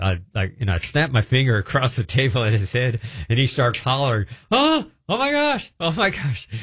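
A middle-aged minister telling a long, meandering testimony and often breaking off mid-sentence. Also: male voice, lowish voice, no room sound. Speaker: deliverance minister. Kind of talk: rambling testimony storytelling.

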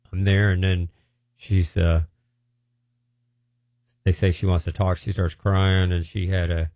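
A middle-aged minister telling a long, meandering testimony and often breaking off mid-sentence. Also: male voice, low voice, no room sound. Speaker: deliverance minister. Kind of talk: rambling testimony storytelling.

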